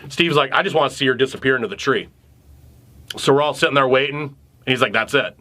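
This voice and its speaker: A man co-hosts a casual podcast and tells his stories in an animated, profane way. His voice is bright and forceful, with a tense edge. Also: mid-range voice, quick pace. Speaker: podcast co-host. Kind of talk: casual chat.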